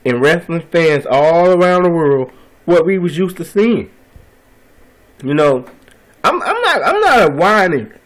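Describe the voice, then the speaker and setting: Male vlogger, fed-up ranter, fairly high voice, repetitive and profane. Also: low-quality recording. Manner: frustrated, repetitive, profane outbursts. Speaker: vlogger ranting about wrestling. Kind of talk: angry video rant.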